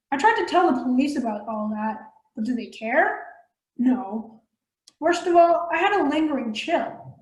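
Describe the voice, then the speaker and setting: A woman reading a novel aloud, often stumbling and correcting herself mid-phrase. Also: high voice. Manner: reads with frequent stumbles and self-corrections. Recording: roomy echo.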